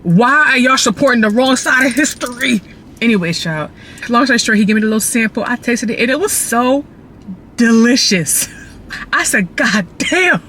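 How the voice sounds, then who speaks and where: A woman chatting casually to her viewers in a vlog, telling stories in an animated, slangy way while out running errands. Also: a little high, a little fast, a little hiss or hum. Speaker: vlogger.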